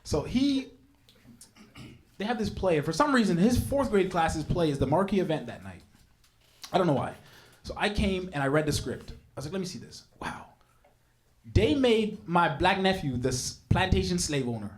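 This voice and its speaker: Young male comic on stage, higher voice that swings all over, animated storyteller, works the crowd. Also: normal speed. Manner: animated storytelling with big voice jumps for quoted people; banters with the crowd. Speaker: stand-up comedian. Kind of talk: stand-up comedy set. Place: comedy stage before a live audience.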